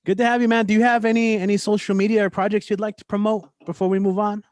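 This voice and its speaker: A man hosting an online open mic, chatting in a relaxed, rambling way. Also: sits high, quick pace, no echo, clean studio sound. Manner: relaxed, friendly, rambling with restarts. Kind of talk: casual hosting chat. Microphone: video call.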